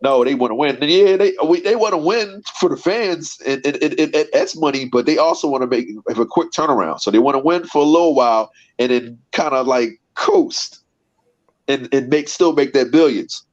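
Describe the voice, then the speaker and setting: A man's voice: on the high side, normal speed. A man co-hosting a casual sports debate. He argues his point and repeats words as he builds it. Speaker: podcast co-host. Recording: dull lo-fi sound.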